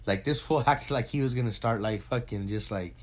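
A man's voice: fairly low pitch, a little fast. Slangy, swearing man in casual chat. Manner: rambling, slangy, swears a lot, laughs often. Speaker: podcast co-host.

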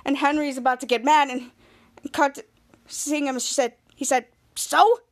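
A woman podcast host giving a casual, animated recap of a TV episode and acting out the characters' quoted lines. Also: high voice, moderate pace.

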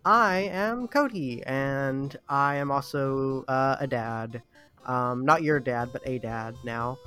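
A man hosting a tabletop game podcast, rambling and halting in casual chat with friends, laughing at himself. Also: mid-range voice, bright, forceful tone, clear, resonant tone, soft background music. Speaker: podcast host and player.

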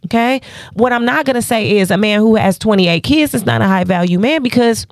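A woman co-hosting a podcast, chatting casually and telling profane, animated stories. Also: fairly high pitch, a little fast, no echo, studio quality. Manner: profane, animated storytelling with put-on voices. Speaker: podcast co-host.

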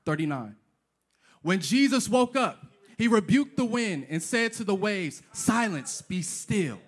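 A pastor preaches with a high-pitched, sing-song voice at a measured pace. His sermon is emphatic and repetitive, full of rhetorical questions and sprinkled with casual slang.

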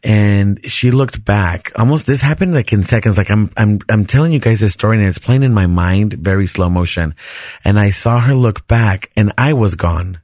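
Male podcast host, lowish voice, dry close sound, animated casual storyteller. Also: moderate pace, dry recording. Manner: animated, chatty, restarts sentences and laughs often.

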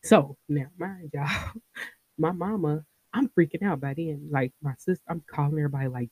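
A woman in her thirties hosting a podcast, telling a personal story in a casual, animated way and talking straight to her listeners. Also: deep voice, moderate pace, breathy edge, no echo. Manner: animated, talks straight to listeners, laughs often. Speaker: podcast host.

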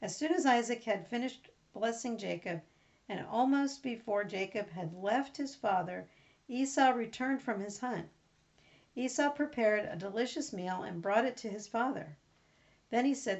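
A woman reading a scripture passage aloud at a steady pace, then explaining it in plain words with some fillers. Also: fairly high pitch, moderate pace. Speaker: Bible study teacher. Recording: dull lo-fi recording.

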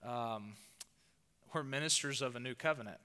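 A pastor with a Southern US accent preaches a sermon in a church hall, telling stories in an animated way with rising emphasis. His voice is medium-pitched, smooth, and moderately paced, carrying a big-room sound.

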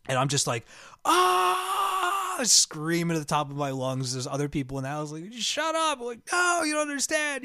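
A man chatting casually as a podcast co-host, telling stories excitedly with lots of "like" and restarts. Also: mid-range voice, dry recording, studio quality. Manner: excitable, rambling storyteller full of "like". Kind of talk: casual chat.

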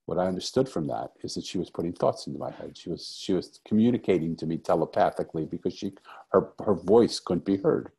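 A man's voice: sits low, animated, fast, vocal fry, warm tone, breathy edge. A middle-aged man telling a personal story as an interview guest, earnest and reflective, repeating phrases for emphasis. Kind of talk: conversational storytelling.

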